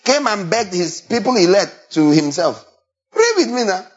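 Animated preacher man, lo-fi. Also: sits high, moderate pace. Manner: animated, rhetorical questions, acts out bleating and shepherd calls. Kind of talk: sermon. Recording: dull lo-fi recording.

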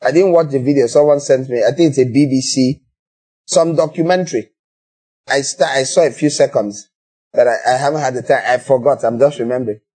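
Man, Nigerian accent, preacher, sermon, animated, breathy rasp. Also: medium pitch, brisk. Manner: animated, acts out little scenes in other voices.

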